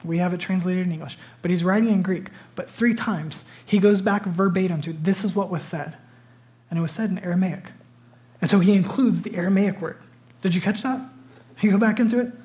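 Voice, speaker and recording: Dramatic storytelling drives this pastor's sermon as he alternates between loud outbursts and quiet whispers. He has a high voice with fairly even intonation and talks at a normal speed.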